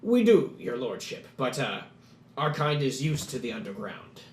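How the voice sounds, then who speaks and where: Casting: a man doing a jittery, polite dwarf petitioner, halting and stumbling, echoey room. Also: mid-range voice, sing-song, slight background noise, lightly acted. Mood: nervous pleading. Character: nervous stammering male dwarf petitioner.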